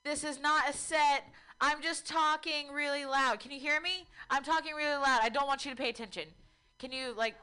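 Woman stand-up comic, high voice, chatty self-mocking delivery. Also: fairly even intonation, normal speed. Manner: mock-loud announcing, then chatty and self-mocking. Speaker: stand-up comedian. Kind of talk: stand-up set.

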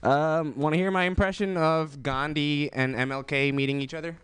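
A man's voice: on the high side, fairly even intonation, moderate pace, fairly bright tone, smooth, dry recording. A young man doing an open-mic stand-up set, rambling with lots of fillers and chuckling at his own jokes. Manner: loose, rambling delivery with many fillers and self-laughs. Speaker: stand-up comedian.

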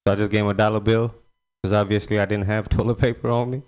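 Man, stand-up comic, resonant clear voice, rambling with fillers, club stage mic. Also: fairly low pitch, level tone, quick pace, darkish tone. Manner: loose, rambling delivery with frequent fillers. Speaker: stand-up comedian. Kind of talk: stand-up set at an open mic.

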